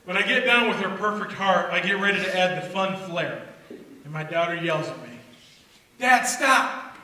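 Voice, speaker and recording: A middle-aged man gives a storytelling sermon to a church crowd. His voice sits high and sounds bright and forceful as he acts out lively family dialogue. He is recorded from far off in an echoey hall with faint noise behind him. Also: brisk. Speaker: speaker at a church youth gathering.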